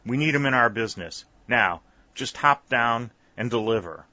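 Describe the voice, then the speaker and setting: A man voicing a defiant mountaineer guerrilla leader in an audiobook, loud and blustering. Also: medium pitch, expressive, normal speed, no echo, voice pushed up. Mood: brash. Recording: slightly dull, dry recording.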